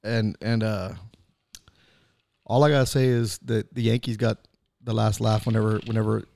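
A man's voice: on the low side, little pitch movement, moderate pace, gravelly, warm tone, no room sound, studio quality. A man co-hosting a casual radio show, drawling and repeating "I mean" as he teases his partner. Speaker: co-host.

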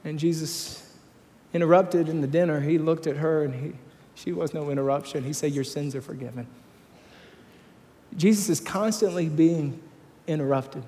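A male pastor preaching a sermon, telling stories with growing energy and often repeating words as he builds to a climax. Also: normal speed. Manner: animated storytelling, rising in pitch and volume at climaxes, repeats words. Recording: long reverb of a large hall.

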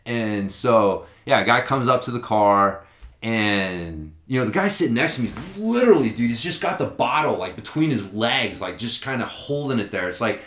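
A man's voice: mid-range voice, moderate pace. A man casually telling a long story on a podcast, rambling and swearing often. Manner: profane, rambling, animated storyteller. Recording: echoey room.

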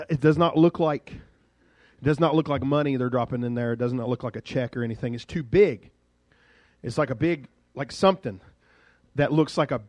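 A male pastor preaching a sermon in a lively, conversational storytelling way. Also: a little high, no room sound.

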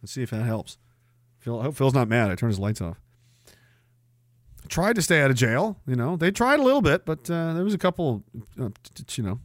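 Profane, lively male streamer. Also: mid-range voice, brisk, long pauses, no room sound. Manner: profane, sardonic, laughs often. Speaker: livestream host reading chat. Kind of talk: casual chat.

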